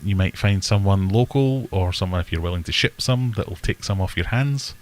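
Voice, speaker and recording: A man's voice: low-pitched, brisk. A man hosting a casual livestream, chatting in a rambling, self-deprecating way and answering viewer questions. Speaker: livestream host. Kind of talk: casual live chat. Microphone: desk webcam setup.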